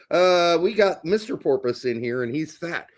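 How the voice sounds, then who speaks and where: A middle-aged man co-hosting a podcast, telling stories in a jokey, animated way and laughing often. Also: fairly high pitch. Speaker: podcast co-host. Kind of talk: casual chat.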